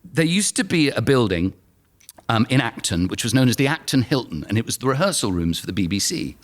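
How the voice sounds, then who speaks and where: A man's voice: medium pitch, big pitch swings, brisk. A man in his fifties with a London accent, an actor telling anecdotes as a podcast guest, laughing through his stories. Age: 50s. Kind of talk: casual anecdotal chat.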